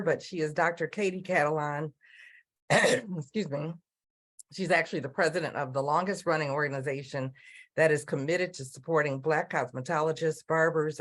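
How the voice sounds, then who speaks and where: A middle-aged woman moderating an online panel over a video call, upbeat and chatty with frequent ums, her voice going hoarse. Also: low-pitched. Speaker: panel moderator and business coach.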